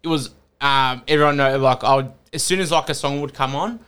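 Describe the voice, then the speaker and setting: A man's voice: medium pitch, brisk, fairly bright tone, clear, resonant tone. An Australian man chatting casually as a podcast guest, rambling and laughing often, restarting his sentences.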